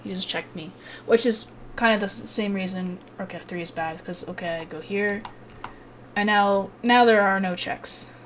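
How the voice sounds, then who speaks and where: A woman's voice: mid-range voice, normal speed. Southern woman streamer, loose and chatty, salty language, faint noise under the voice. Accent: Southern American. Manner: chatty, swears freely, restarts often. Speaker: chess streamer. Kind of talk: casual chess analysis.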